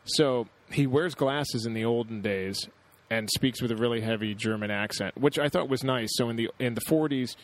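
A man talks through a theory in a relaxed podcast conversation. His voice sits in an ordinary middle pitch. He reasons aloud at a measured pace and his sentences drift softly to a close. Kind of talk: casual chat.

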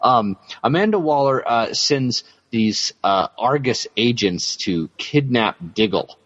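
A man's voice: medium pitch, lively intonation, takes it slowly, a bit bright. A man co-hosting a casual podcast, rambling with fillers and laughing often. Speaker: podcast co-host. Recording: dull lo-fi audio.

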